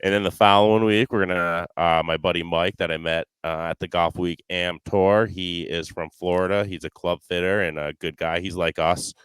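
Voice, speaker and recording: Male podcast host, low voice, loose rambling storyteller, dry and crisp. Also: fairly even intonation, normal speed, hardly any pauses, a bit bright, no room sound. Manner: rambling storyteller with many fillers and restarts. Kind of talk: casual podcast chat.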